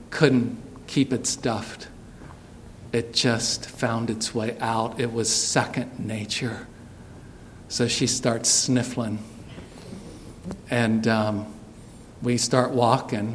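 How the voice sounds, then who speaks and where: A middle-aged man, preaching a sermon in a church sanctuary, telling a personal story earnestly and dropping soft and low for tender moments. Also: flat delivery, slow, long pauses, a little hiss or hum. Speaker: pastor.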